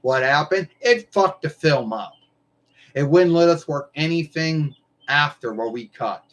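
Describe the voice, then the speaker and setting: A man's voice: fairly high pitch, animated, a little slow, a bit bright, low-quality recording. Rambling man hosting a live stream. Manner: meandering, loose, swears casually. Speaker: livestream host.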